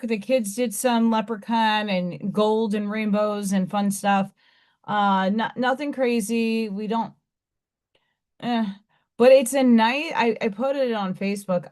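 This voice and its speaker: A middle-aged woman hosting a casual livestream, chatting in a rambling way and greeting viewers by name. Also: fairly high pitch. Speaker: livestream host. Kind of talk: casual live chat with viewers.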